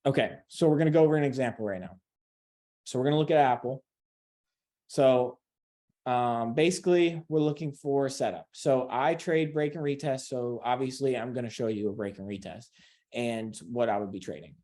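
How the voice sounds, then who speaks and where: Male trading instructor, mid-pitched, casual and chatty screen-share delivery. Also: normal speed, mellow. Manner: conversational and repetitive, addresses viewers directly.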